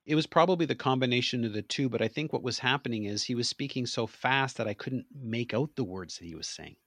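A man hosting a conversational interview, sharing an anecdote in a friendly way before asking a question. His voice sits at an ordinary male pitch, and the recording is dry with no room echo. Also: expressive, quick pace, a bit bright. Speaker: podcast host.

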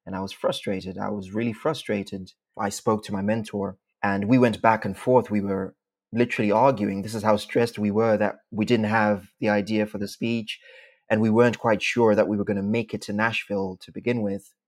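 A man from Zimbabwe, a speech contest champion, answering interview questions in a measured, articulate way with formal phrasing. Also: lowish voice, level tone.

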